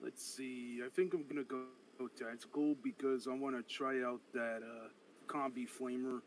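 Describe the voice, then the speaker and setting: A man in casual gaming chat, relaxed and thinking aloud about his next move. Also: medium pitch, moderate pace, slight background noise.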